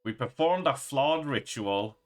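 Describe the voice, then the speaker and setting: A man live-streaming a horror game, reading its narration aloud and reacting with excited exclamations and swearing. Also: mid-range voice, a little slow.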